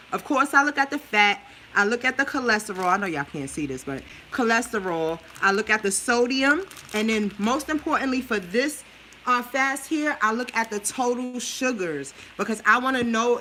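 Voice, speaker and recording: A woman's voice: on the high side, expressive, moderate pace, sharp tone, slight background noise, poor audio. A busy mom chatting through a meal plan while she cooks, coaching her viewers in a casual, chatty way. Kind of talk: casual cooking livestream.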